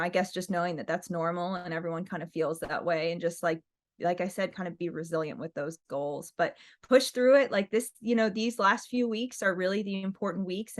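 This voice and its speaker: A woman, a professional marathon runner, answering interview questions in an earnest, encouraging way with many fillers. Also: on the low side. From United States. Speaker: guest, pro marathon runner.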